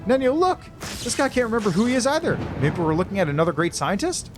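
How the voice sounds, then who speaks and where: An eager, fussy scholar woman whose high voice bounces with excitement. A man puts her on while reading a video game aloud, with game music behind. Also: fast talker. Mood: excited.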